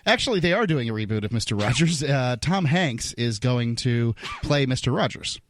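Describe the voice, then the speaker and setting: A man's voice: medium pitch, animated, moderate pace, slight background noise. A man hosting a talk radio show, blunt and opinionated in casual talk. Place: radio studio. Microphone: studio microphone.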